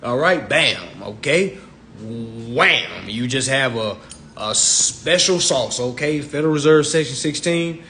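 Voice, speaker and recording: This man is lecturing from home on a livestream, a financial self-help talk delivered with street slang and profanity, punctuated by laughter at his own gags and mock voices. He speaks slowly and expressively at medium pitch, with a sharp tone and slight background noise.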